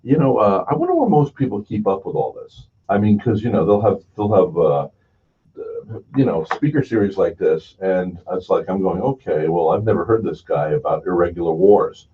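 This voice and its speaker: Low-voiced joking male talk host. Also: very animated, normal speed, slightly rough. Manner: joking, rambling. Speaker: radio talk show host. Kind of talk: casual chat. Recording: distant, dull lo-fi recording.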